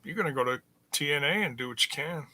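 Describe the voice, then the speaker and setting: A man with a very bright, sharp voice, slightly higher in pitch, making joking asides on a wrestling podcast. The recording is dry and close. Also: fast, no echo. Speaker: podcast co-host. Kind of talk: casual wrestling podcast chat.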